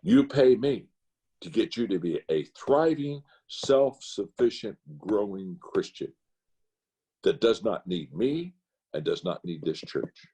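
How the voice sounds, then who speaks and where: An older man, a pastor, telling stories in a roundtable talk, his voice climbing high into emphatic rants and dropping low again. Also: lively intonation, slow pace, warm tone, slightly rough. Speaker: pastor speaker. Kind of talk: roundtable talk, preacherly storytelling. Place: video call.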